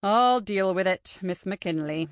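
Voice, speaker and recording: A tired middle-aged headmaster, as a woman reading a story puts him on, resigned and firm. He speaks slowly and heavily, close to the reader's own plain voice. The recording is close and dry. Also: medium pitch, expressive, smooth, no echo. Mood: weary.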